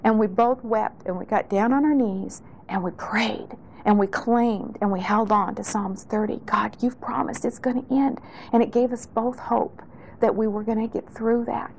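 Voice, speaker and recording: A middle-aged woman speaks with earnest, heartfelt conviction as she shares her testimony, her voice sitting a little high. She circles back and restarts phrases as she goes. Faint noise hangs under the recording. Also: steady tone, moderate pace, rough recording. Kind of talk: testimony sermon.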